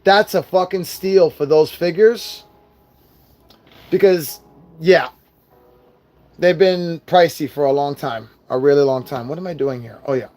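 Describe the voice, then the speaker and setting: A man's voice: on the high side, measured pace, pauses often, a little mellow. A young man ranting casually as he unboxes and reviews collectible figures, swearing often and venting his frustration. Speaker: toy reviewer.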